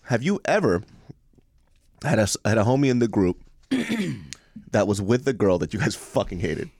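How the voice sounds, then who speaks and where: A man's voice: fairly low pitch, lively intonation, normal speed, darkish tone, dry recording. A man co-hosting a podcast in casual chat, blunt and swearing often. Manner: blunt and profane. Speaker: podcast co-host, comedian.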